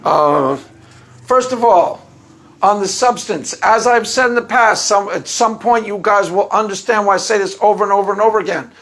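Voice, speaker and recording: A man's voice: sits high, normal speed, a bit bright. A man commenting casually, joking and rambling, who often repeats his phrases. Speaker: YouTube commentator.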